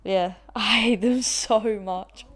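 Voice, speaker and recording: A woman's voice: mid-range voice, slow. A young woman in her twenties co-hosting a podcast, chatting casually and laughing often, with plenty of swearing. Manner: laughs a lot, swears freely. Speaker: podcast co-host. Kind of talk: casual chat.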